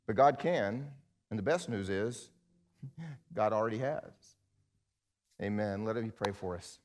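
Man preaching an animated sermon. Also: lowish voice, takes it slowly. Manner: animated, acts out quoted voices, ends in prayer. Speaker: pastor.

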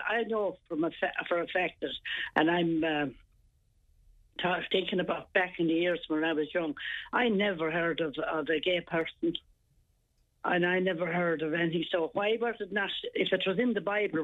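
An older woman calling in to a radio show, rambling and hesitant, exasperated as she talks. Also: fairly low pitch. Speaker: caller. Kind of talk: casual radio chat. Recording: tinny phone line.

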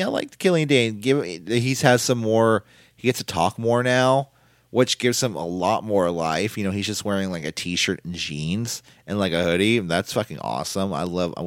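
Low-voiced man rambling through a solo recap. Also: no room sound, clean studio sound. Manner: rambling and opinionated, quotes people in put-on voices. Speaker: podcast host recapping wrestling.

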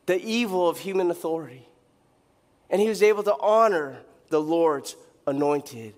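Male pastor, higher voice, animated storyteller in a church sermon. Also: normal speed, in a large hall. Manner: animated storytelling, acting out characters' lines. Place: church sanctuary.

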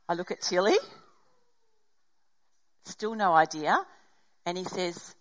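Middle-aged woman preaching, animated. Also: mid-range voice, normal speed, long pauses, rough recording. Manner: animated storytelling, acts out dialogue. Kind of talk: sermon with personal story.

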